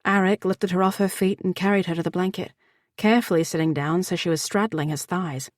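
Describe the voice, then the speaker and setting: A woman narrator reading a fantasy romance audiobook in a measured, even way. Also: on the low side, no room sound, studio quality. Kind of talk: scripted narration.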